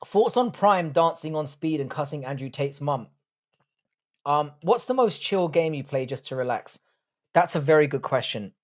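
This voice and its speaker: A man's voice: a little high, lively intonation, moderate pace. A young man who grew up in the UK, hosting a live stream and reading out viewer comments in blunt, sweary casual chat. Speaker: livestream host.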